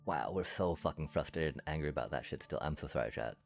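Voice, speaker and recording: A man's voice: extremely low pitch, fast, vocal fry. A male streamer ranting to his chat, angry and profane, swearing through his frustration. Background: faint music.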